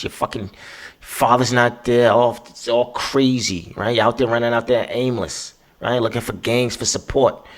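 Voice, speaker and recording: Hombre hablando sin filtro, muy malhablado. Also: male voice, medium pitch, fairly bright tone. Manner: profane, emphatic, repeats "right?". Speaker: podcast host. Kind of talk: casual monologue.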